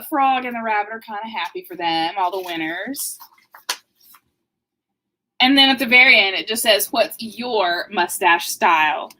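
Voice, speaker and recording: A woman's voice: fairly high pitch, sharp tone. A woman in her forties hosting a children's story time, reading a picture book aloud in a playful, giggly way.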